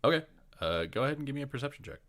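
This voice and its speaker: A man's voice: mid-range voice, very animated, racing, fairly bright tone, a little hiss or hum. A man narrating as game master in a casual way, with many fillers.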